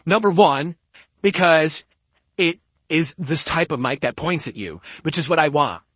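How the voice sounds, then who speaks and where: An emphatic man on a home stream who argues his point and keeps checking in with "okay?". His voice sits a little high for a man. He talks right into a close podcast mic, with a dry, roomless sound. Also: expressive, measured pace, fairly bright tone, breathy edge, no room sound. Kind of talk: casual stream talk. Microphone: studio podcast mic close up.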